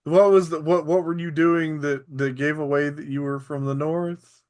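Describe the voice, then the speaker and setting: Man with a softened South Arkansas accent. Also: on the high side, steady tone, moderate pace. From Arkansas, USA. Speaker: podcast co-host. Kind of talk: casual chat.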